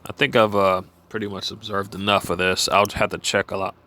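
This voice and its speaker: A man with a lowish voice reads numbers off a page in a plain, steady way. When he drifts off the text, he rambles and restarts, with plenty of "uh" and "you know" along the way. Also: a little hiss or hum. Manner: halting, many fillers and restarts when off script. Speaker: vlogger. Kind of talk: reading from a page and musing aloud.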